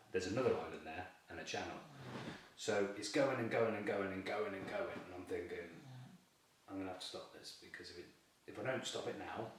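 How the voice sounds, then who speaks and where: A lowish-voiced man tells a story in a loose, chatty way and breaks into laughs often. He sits well back from the mic in a very echoey room, with a faint hiss behind him. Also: distant mic. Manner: lively, chatty, laughs often while telling the tale. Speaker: carp angler, fishing team member. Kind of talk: casual storytelling in an interview.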